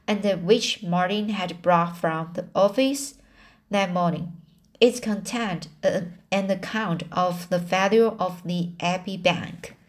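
A woman reading a classic novel aloud chapter by chapter, often pausing on fillers and restarting words. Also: fairly low pitch. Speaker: audiobook reader.

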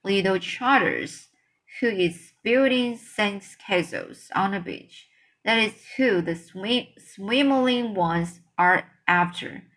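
A woman reading a children's book aloud, voicing a huge gentle old male giant who talks slowly and mixes up his words. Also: mid-range voice, big pitch swings, exaggerated voice. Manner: slow, drawn-out speech with jumbled words.

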